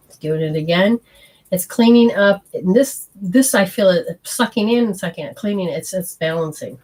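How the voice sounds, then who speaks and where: A woman's voice: sits low, a little mellow, poor audio. A woman hosting a live energy-healing show, chatting and reading viewer comments aloud. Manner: chatty, meandering, gives hands-on instructions.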